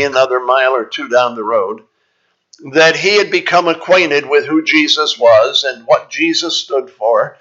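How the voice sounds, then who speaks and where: A man preaching a Bible teaching sermon in a measured, explanatory way, pausing often with "uh". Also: a little high, bright, forceful tone, dull audio. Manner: measured, explanatory, with frequent "uh" pauses.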